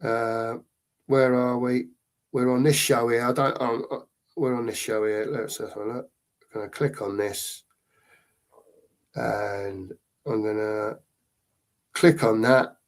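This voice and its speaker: A man's voice: mid-range voice, fairly even intonation, takes it slowly, long pauses. A middle-aged man talks loosely on a live fan stream and drifts between thoughts. He often stops to read out viewer comments, in an easy, rambling way. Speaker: fan channel co-host. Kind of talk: casual live-stream chat.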